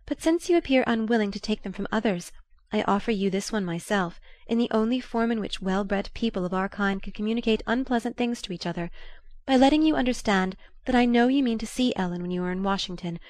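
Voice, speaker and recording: A woman reading a novel aloud as an audiobook narrator, in a measured, even manner. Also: medium pitch.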